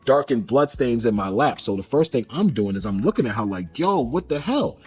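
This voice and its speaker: A man telling a personal story in a casual, animated way, acting out the dialogue as he goes. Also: fairly low pitch. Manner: fast, animated retelling with quoted dialogue.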